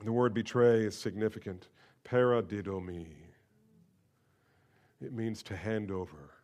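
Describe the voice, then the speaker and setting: A man's voice: lowish voice, a little slow. Emphatic preaching man. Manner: expressive preaching, rising to loud emphatic outbursts. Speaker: pastor. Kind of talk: sermon.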